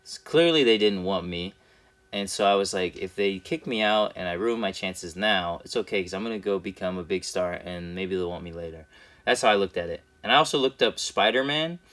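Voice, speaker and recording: Lower-voiced young man telling a story. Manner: lively storyteller who acts out scenes, with fillers and quick restarts. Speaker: professional wrestler, interview guest. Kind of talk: casual storytelling interview.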